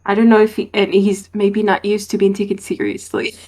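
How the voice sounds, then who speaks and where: A woman player at a tabletop game speaks in a soft, musing way, working through her character's choices. Her voice sits in a middle range and comes across quiet and unhurried. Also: medium pitch, level tone. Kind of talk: casual play discussion.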